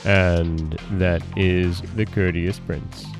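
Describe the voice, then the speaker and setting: A man hosting a podcast and reading a folktale in a calm, measured storytelling manner. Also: deep voice, vocal fry, faint music behind.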